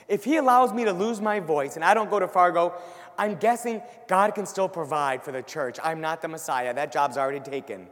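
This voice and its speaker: Male speaker, high voice, animated church talk, hall reverb. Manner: animated, acts out worried voices. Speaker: Catholic speaker. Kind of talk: church talk to a live audience.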